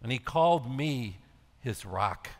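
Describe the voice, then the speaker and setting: A man playing Simon Peter, an anxious, guilt-ridden middle-aged apostle, in a dramatic monologue, talking in agitated, halting bursts of self-reproach. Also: medium pitch, lively intonation, darkish tone. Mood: regretful. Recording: echoey hall with long reverb.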